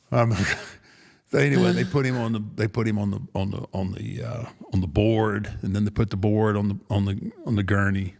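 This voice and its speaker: A man's voice: fairly low pitch, moderate pace, creaky. An older man, a former wrestler, casually retelling a story on a podcast, acting out the quotes with many restarts. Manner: animated retelling, acts out quotes, frequent restarts.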